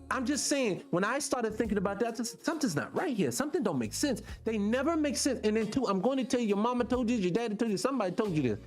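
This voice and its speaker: A man hosting a casual monologue for his viewers, firing off rhetorical questions and the odd swear word in an animated way. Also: very high voice. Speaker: podcast host.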